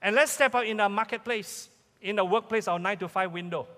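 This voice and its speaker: A man's voice: high-pitched, a little fast, fairly bright tone, in a large hall. A man with a Malaysian English accent, a pastor preaching an emphatic sermon in church and repeating his key questions. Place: church sanctuary.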